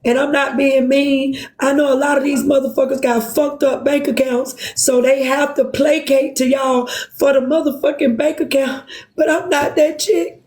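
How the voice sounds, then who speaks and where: A high-pitched woman pours out her feelings to her supporters, passionate, blunt and full of curses. Her voice bounces around a roomy, echoing space. She scolds herself as she speaks. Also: steady tone, normal speed, darkish tone. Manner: impassioned, profane, self-reproaching. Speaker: livestream host. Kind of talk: emotional livestream talk.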